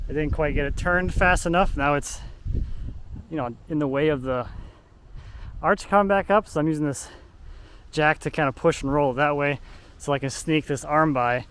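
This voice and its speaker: Man, somewhat high voice, casual working narration, jokey, outdoors, faint background noise. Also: moderate pace, long pauses, fairly bright tone. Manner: chatty, jokey, explains each step as he works. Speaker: urban logger and video host. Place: outdoors on a lawn with a log trailer.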